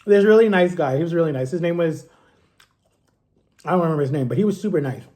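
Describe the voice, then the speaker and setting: A man in his thirties from Ohio telling a childhood story in a casual, animated vlog style, acting out quotes in a higher voice. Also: quick pace. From Ohio, USA. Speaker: vlogger.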